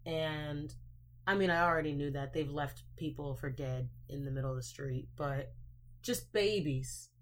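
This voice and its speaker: A woman's voice: sits low, measured pace, slight background noise. A woman hosting a casual podcast, talking through her opinions in an easygoing conversational way. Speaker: podcast host.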